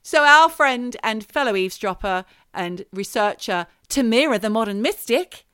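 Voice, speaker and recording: A woman's voice: a little high, expressive, normal speed, fairly bright tone, smooth, no echo, studio quality. A woman co-hosting a podcast, chatting casually and telling stories in a playful way. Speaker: podcast co-host. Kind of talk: casual chat.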